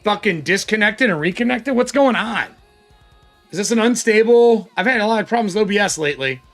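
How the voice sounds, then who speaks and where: Animated high-voiced man streaming casually. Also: a little fast, soft background music. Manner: excitable, thinking aloud, swears casually. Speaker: livestream host. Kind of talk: casual live-stream chat.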